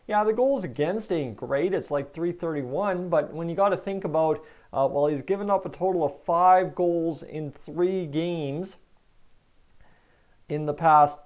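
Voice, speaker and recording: Chatty Canadian man, smooth voice. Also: a little high. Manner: chatty, animated, talks to viewers directly. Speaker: hockey vlog host. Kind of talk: casual sports commentary.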